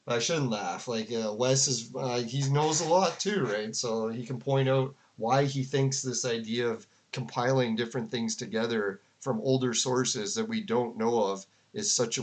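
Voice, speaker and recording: A man talks through a debate in loose, rambling commentary for his chat. His speech is full of fillers and restarts. His voice sits at an ordinary middle pitch. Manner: rambling, filler-heavy, with frequent "like" and laughs. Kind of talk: casual commentary to a live chat.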